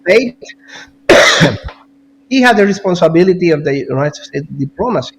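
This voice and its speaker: A man talking as a guest analyst in casual political commentary, animated, repeating words and now and then coughing. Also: high-pitched, a little slow, noisy background.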